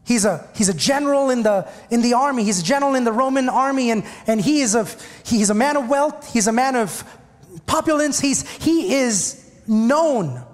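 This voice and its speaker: A male pastor with a very high voice delivers an impassioned sermon, calling out to the congregation and circling back over his own phrases. His words ring out with a long reverb, as in a large church sanctuary. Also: animated, normal speed. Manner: impassioned preaching, calls out to the congregation; repeats and restarts phrases.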